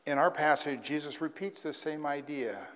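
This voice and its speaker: A man's voice: fairly high pitch, moderate pace, a bit bright. A man preaching a sermon as pastor in a conversational way, with wry asides. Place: church sanctuary. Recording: long hall reverb.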